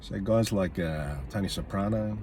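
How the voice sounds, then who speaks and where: A man's voice: on the low side, normal speed, dark tone, slight background noise. A man, a comedian ranting bluntly and swearing often, repeating his points for emphasis. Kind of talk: profane comic rant.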